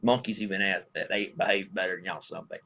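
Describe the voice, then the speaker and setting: A man's voice: low-pitched, fairly even intonation, quick pace, gravelly, sharp tone, highs cut off. A man from the States, a military veteran ranting bluntly and angrily with heavy profanity in a vlog. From Southern United States. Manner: blunt, angry and heavily profane.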